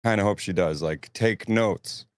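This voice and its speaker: A man's voice: sits low, a little slow, no echo. A man casually telling rambling, profanity-laced stories about touring. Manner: rambling storyteller, swears freely. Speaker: touring band crew member. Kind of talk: casual podcast chat.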